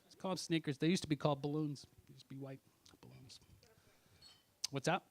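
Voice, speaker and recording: A man doing stand-up comedy with crowd work, swearing constantly and swinging from muttered asides to loud angry outbursts. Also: fairly high pitch, fairly even intonation, fairly quick, vocal fry.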